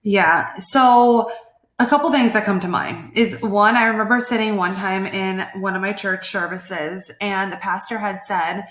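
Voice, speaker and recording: A woman's voice: mid-range voice, unhurried, fairly bright tone. Woman counselor in a roomy echo. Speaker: podcast co-host, counselor. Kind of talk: casual podcast conversation.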